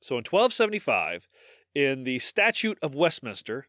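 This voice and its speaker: Lively Midwestern man telling history. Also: medium pitch, normal speed, no echo, studio quality. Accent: Midwestern American. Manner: animated, swearing, laughing storyteller. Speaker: podcast host. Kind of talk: casual history podcast chat.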